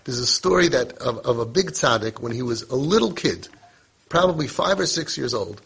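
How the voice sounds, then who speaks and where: A man's voice: medium pitch, animated, normal speed, vocal fry, fairly bright tone, a little hiss or hum. A middle-aged man teaching a casual parenting lesson, mixing Hebrew and Yiddish terms into his conversational talk.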